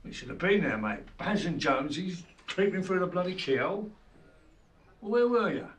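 An old crook, swears a lot, high lively voice, bit far off the mic. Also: male voice, moderate pace. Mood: mocking. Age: older. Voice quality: coarse, swearing banter. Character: aging London crook, needling and mocking. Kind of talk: film acting.

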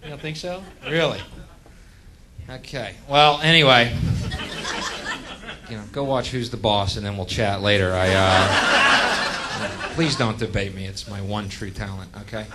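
Profane ranting comedian with a drawl. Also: male voice, lowish voice, a little slow, long pauses, heavy background noise. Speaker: stand-up comedian. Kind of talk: live stand-up set.

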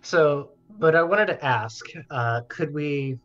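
A man playing a tabletop game, talking hesitantly and filling pauses with "like" and "um". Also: on the high side, a bit bright, highs cut off. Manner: hesitant, full of "like" and "um". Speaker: player. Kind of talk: casual tabletop game play.

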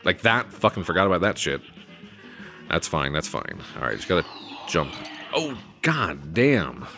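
A man's voice: deep voice, big pitch swings, unhurried, over music. A man giving casual gameplay commentary, swearing often and joking at his own expense. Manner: swearing, self-mocking jokes. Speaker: let's play commentator.

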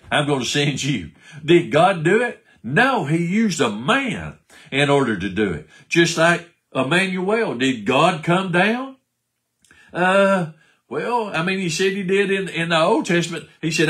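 A man's voice: fairly high pitch, fairly bright tone. A man preaching a sermon, firing rhetorical questions and answering them himself while quoting scripture.

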